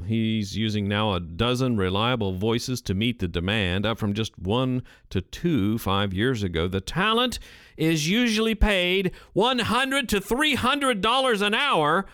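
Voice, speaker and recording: Animated man rambling into a dry studio mic. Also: fairly low pitch, smooth, no echo. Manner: animated, rambling, thinks aloud. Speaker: podcast host. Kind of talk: casual solo commentary. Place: home recording studio. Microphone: studio microphone.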